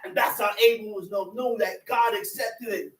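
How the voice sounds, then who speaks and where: A man teaching from the Bible in an emphatic, repetitive way, often shouting for emphasis. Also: sits high, fairly even intonation, normal speed. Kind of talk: street-style Bible teaching. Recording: echoey room from far off.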